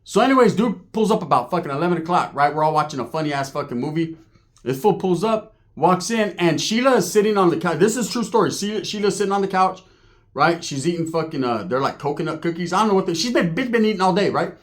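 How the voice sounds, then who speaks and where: A man's voice: sits high, lively intonation, quick pace. A man with a Californian accent telling a rambling, profane street story full of slang and acted-out quotes.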